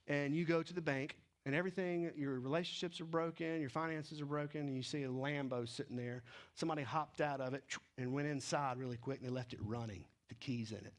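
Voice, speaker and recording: A man preaching a sermon in a casual, animated way, slipping into quick acted asides. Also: medium pitch. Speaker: pastor.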